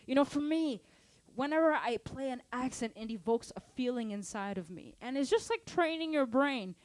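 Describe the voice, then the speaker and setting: A woman teaching a drum lesson, energetic, counting beats aloud and asking her students to stay engaged. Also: high voice, normal speed. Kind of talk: live online drum lesson. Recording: drum kit playing behind. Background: drum kit.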